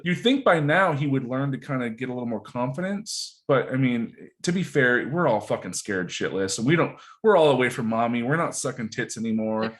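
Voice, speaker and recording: A man guesting on a podcast, telling stories in casual, profane, animated chat. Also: medium pitch, brisk, few pauses.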